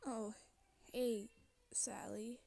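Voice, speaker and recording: A woman voicing a kind, soft-hearted young female mermaid who drawls and says y'all, in a fan voice-acting story. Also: fairly high pitch, steady tone, drawn-out words, vocal fry, heavily acted. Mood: sad, troubled.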